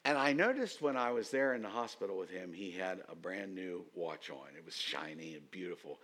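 A man preaching a sermon as pastor, telling stories and rising to loud, emphatic outbursts. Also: deep voice, animated, brisk, husky.

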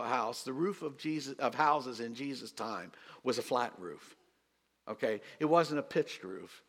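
A middle-aged man, a pastor, telling a story in a sermon and swinging from quiet asides to loud emphasis. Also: mid-range voice.

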